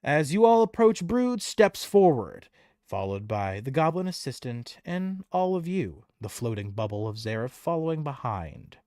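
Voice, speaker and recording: A man narrating a tabletop game as game master in an animated, descriptive way. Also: mid-range voice, moderate pace, no echo, studio quality.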